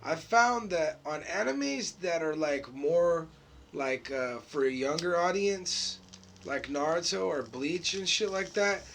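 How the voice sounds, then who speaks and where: A man co-hosting a casual podcast, his voice sitting a touch high. He talks loose and profane and keeps restarting his sentences. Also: animated, takes it slowly, creaky, fairly bright tone, a little hiss or hum. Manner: laid-back, slangy, profane, trailing restarts. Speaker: podcast co-host. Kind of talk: casual chat.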